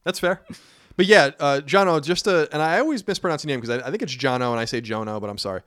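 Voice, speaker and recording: A man hosting a casual podcast, blunt and quick, swearing now and then into a close mic. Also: a little high, big pitch swings, fairly bright tone, no room sound. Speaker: podcast host.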